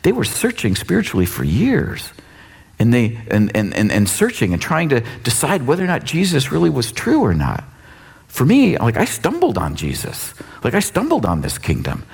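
A man in his sixties preaching a sermon in a casual, animated way, acting out quotes. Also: medium pitch, moderate pace, gravelly, husky. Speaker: pastor.

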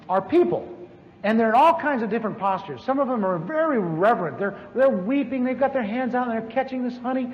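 A man telling a lively personal testimony as a storytelling sermon, with repeated phrases and sudden exclamations. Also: high voice, muffled recording. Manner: animated, repetitive storytelling with sudden shouts. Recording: reverberant hall with faint noise.

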